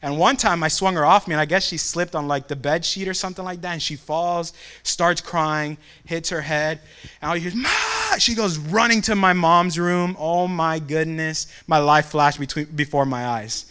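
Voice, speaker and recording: A young man with a bright, forceful voice gives a devotional talk. He tells a childhood story with animated energy and acts out the family voices. His voice sits a bit higher than most men's. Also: moderate pace, smooth.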